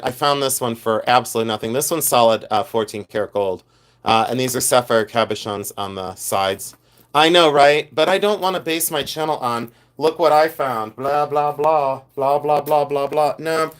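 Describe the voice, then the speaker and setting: A man hosting a casual jewelry livestream, talking in a somewhat higher voice than most men. He rambles with plenty of ums and uhs and stays chatty and animated throughout. He sounds like he is talking into a phone or webcam at home. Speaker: jewelry designer and livestream host.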